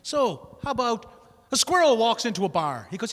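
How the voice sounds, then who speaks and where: A very high-pitched, bright-toned Irish man compering a comedy show. His jaunty joke-telling rings out with a long reverb from the club room. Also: big pitch swings, normal speed. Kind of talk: stand-up joke and act introduction.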